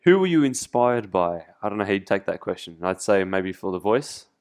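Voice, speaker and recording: Young-sounding Australian man as casual interviewer, slightly low voice. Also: big pitch swings, a little fast, a little mellow, clean tone. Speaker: interviewer, host.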